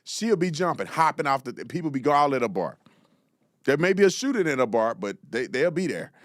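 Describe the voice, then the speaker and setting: Male commentary host; slangy, animated delivery, dry close sound. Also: fairly high pitch, brisk, no room sound. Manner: animated, slangy, repeats words when starting a thought. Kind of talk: opinionated commentary.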